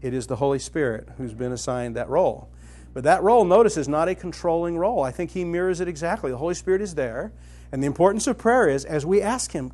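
Male retreat speaker, fairly high-pitched, animated storyteller, casual. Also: fast. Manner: storytelling, animated, talks to the room directly. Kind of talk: conversational teaching talk. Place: meeting room with a live audience.

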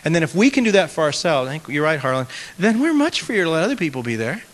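A man speaking as a pastor in an earnest conversational teaching talk, with animated self-mocking humor. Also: on the high side, fast talker. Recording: long hall reverb.

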